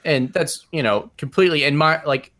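A man's voice: a little high, moderate pace, sharp tone. A man talking casually as a podcast guest, rambling and correcting himself with lots of "you know" and "like". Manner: rambling, self-correcting commentary with frequent fillers.

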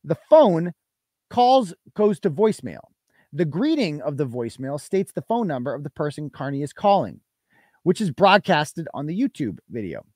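A male podcast host delivers indignant live commentary in a high, highly animated voice. He stresses his points with mounting disbelief. The recording is close and dry. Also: normal speed, dry recording. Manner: indignant, emphatic, incredulous.

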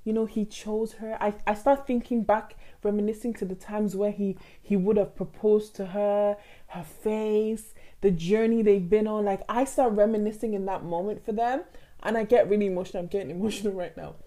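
A young woman, co-hosting a casual chat, expressive and emotional, rambling with many fillers. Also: medium pitch, normal speed. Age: young adult. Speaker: podcast co-host.

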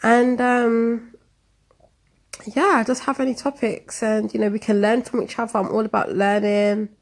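Slow, gravelly London woman host. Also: a little high, little pitch movement. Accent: London English. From England. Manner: slow and hesitant, many fillers. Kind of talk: casual chat.

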